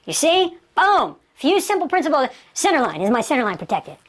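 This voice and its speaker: A woman's voice: high voice, very animated, brisk. A woman giving a motivational martial arts lecture, emphatic, asking rhetorical questions and repeating key phrases.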